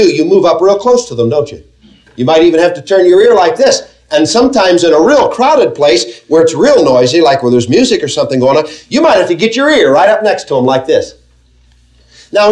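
High-voiced man preaching a sermon. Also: a little mellow, low-quality recording. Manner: earnest, measured preaching with rhetorical questions to the congregation. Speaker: pastor.

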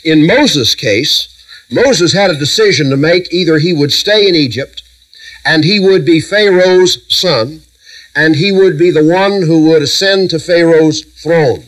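A middle-aged man preaching a sermon, walking a congregation through Bible verses with emphatic lists and measured pauses. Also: on the high side, a bit bright, poor audio.

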